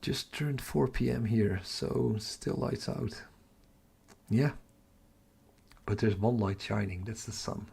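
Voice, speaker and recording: Dutch-accented male livestream host, slow-talking and gravelly, chatty, talks to himself between comments. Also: medium pitch, a little mellow. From Netherlands. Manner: chatty, muttering to himself while tracking captures. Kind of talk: casual live-stream chat reading comments.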